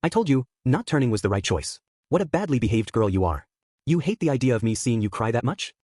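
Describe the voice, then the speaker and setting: A man voicing a grieving female witch spirit who scolds gently but loudly, in a brisk audiobook reading. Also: medium pitch, big pitch swings, no room sound, studio quality. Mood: indignant. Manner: scolding yet gentle, raised voice.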